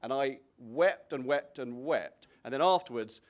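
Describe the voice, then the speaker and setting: A man, a comedian, telling anecdotes in a relaxed, reflective way, often restarting his sentences. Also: mid-range voice, unhurried. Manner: rambling, self-interrupting, reflective. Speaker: guest comedian.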